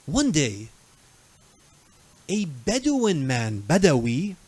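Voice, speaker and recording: A man's voice: high-pitched, dry recording. A male preacher telling a religious story in a night sermon, dramatic, acting out the people he quotes. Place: mosque.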